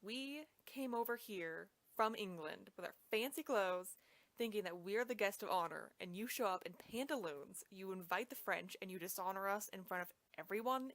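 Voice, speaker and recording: A woman's voice: mid-range voice, natural voice. A woman voicing an offended English diplomat couple, huffing and complaining, with no echo. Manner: huffy, complaining.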